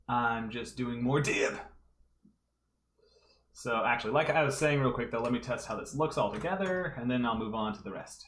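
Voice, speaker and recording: A man of medium pitch speaks at a normal speed as he draws on a livestream from his room at home. The fan artist's casual commentary walks through the work step by step while he thinks aloud, his slightly bright voice echoing in the room.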